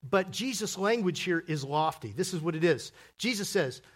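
A man preaching a sermon as pastor, animated and acting out the people in his stories. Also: high-pitched, moderate pace. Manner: animated, acts out biblical characters in voices.

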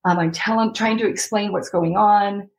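A woman's voice: mid-range voice, fairly even intonation, moderate pace, rough recording. A woman in her thirties telling her personal story as an interview guest, reliving her own past words.

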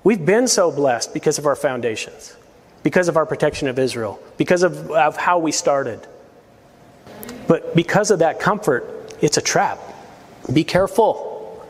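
A man's voice: fairly high pitch, lively intonation, normal speed, big-room sound. A man preaching a verse-by-verse sermon as pastor, earnest and emphatic, with rising appeals to his listeners. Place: church sanctuary.

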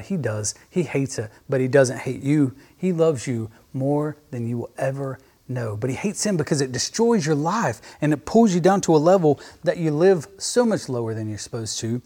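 On his podcast, a man with a mid-range, dark-toned voice preaches a fervent sermon straight to the listener. He speaks emphatically and addresses the listener as "my friend."

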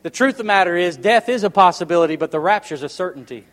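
High-voiced preacher booming in a church hall. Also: male voice, expressive, fast talker. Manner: emphatic preaching that swings between loud proclamation and quiet intensity; jokes with the congregation and calls for amens. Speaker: visiting revival preacher. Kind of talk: revival sermon. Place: church sanctuary. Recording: long church hall reverb.

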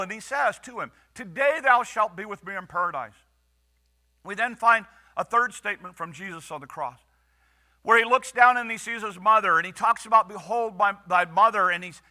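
High bright-voiced male preacher. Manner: earnest preaching with dramatic quotes and pauses. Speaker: pastor. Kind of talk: sermon.

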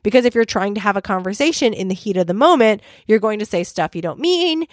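A woman's voice: medium pitch, quick pace, no echo, clean studio sound. A young adult woman hosting a podcast, talking earnestly and telling stories in a scripted monologue. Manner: earnest, animated storytelling. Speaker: podcast host and volunteer trainer.

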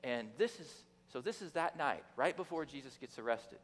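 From the pulpit of a church sanctuary, a man serving as guest preacher gives a lighthearted, casual sermon in an expressive mid-range voice at a moderate pace. He speaks the way people talk, restarting often and using fillers, and the hall's long reverb carries throughout.

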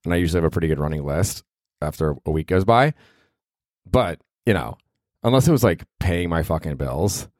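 A man with a very low voice talks alone into a mic, rambling loosely and making fun of himself, with the odd swear tossed in. The sound is dry and close, with no room around it. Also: expressive, brisk, a little mellow, dry recording. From Cleveland, Ohio. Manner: rambling, self-deprecating, swears casually. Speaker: podcast host. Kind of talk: solo podcast monologue.

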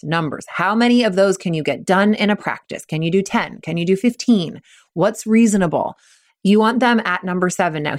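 A woman hosting a podcast as a mental performance coach, explaining with energy and acting out kids' and coaches' voices in quick quoted asides. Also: medium pitch. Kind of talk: solo podcast talk.

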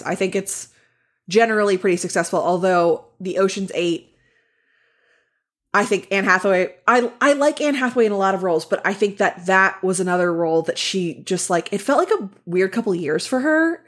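Woman podcast cohost, chatty, lots of likes and ums, blunt opinions. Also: fairly low pitch. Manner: chatty, many fillers, frank opinions. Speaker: podcast co-host. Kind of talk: casual chat.

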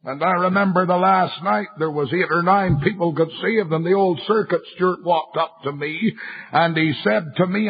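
An older man preaches with fervour, his gravelly, husky voice climbing into bursts of shouting as he tells revival stories. The recording is muffled and lo-fi, and his voice sits a little high for a man. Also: normal speed. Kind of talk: fiery revival sermon with anecdotes.

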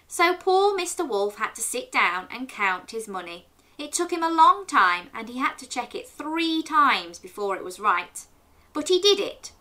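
A woman in her thirties hosting a children's story show, reading a picture book aloud and asking the young listener questions. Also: medium pitch. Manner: animated, asks the listener questions and waits for answers.

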